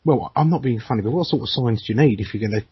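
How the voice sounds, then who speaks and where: A man's voice: medium pitch, very fast, husky, no echo, lo-fi sound. A man co-hosting a casual podcast, telling stories with plenty of swearing and frequent laughter. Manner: swears a lot, laughs often, lively storytelling. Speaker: podcast co-host.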